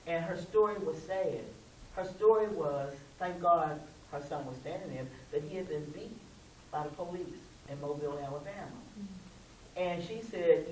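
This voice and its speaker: At a community meeting, a middle-aged local civil rights chapter president tells stories in a relaxed, folksy manner and plays out quoted exchanges. Her deep voice is a little mellow and moderately paced, heard at a distance in an echoey room with faint hiss.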